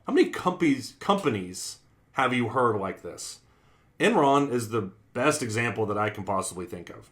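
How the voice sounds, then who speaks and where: A man's voice: medium pitch, sing-song, normal speed, a bit bright. A man preaching in a conversational Bible class style, earnest, repeating his phrases and acting out quoted sayings.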